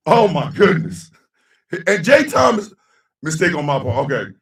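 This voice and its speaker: A man hosting a casual live-stream show, loud and laughing, heavy on slang. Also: fairly high pitch, sing-song, moderate pace, recorded from a distance. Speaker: host. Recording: echoey room, a bit off-mic.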